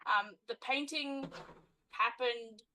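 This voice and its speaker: A woman playing a tabletop game who talks in an excitable, scattered way. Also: fairly high pitch, slow, slight background noise, low-quality recording. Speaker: player.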